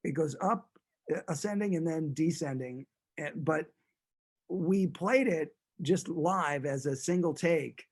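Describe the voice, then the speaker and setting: A man's voice: a little high, unhurried. A man telling stories as a guest in a casual interview, rambling and amused, with frequent restarts.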